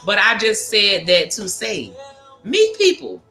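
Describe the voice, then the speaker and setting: A woman's voice: mid-range voice, huge pitch swings, takes it slowly, bright, forceful tone. A woman hosting a casual livestream chat with viewers, talking frankly with lots of cursing and laughter. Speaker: livestream host. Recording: echoey room with music behind.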